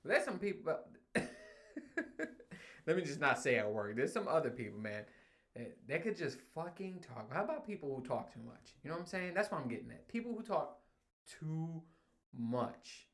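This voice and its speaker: Speaking at normal speed in a voice on the high side, a young podcast host rants on his own, profanely and animatedly telling stories, punctuating them with frequent laughs and sudden outbursts.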